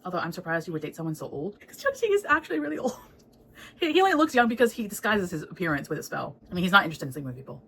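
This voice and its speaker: A woman's voice: on the low side, sing-song, racing, vocal fry, fairly bright tone, slight background noise, rough recording. A woman giving a casual, chatty book recap, laughing often and swearing freely. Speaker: book reviewer.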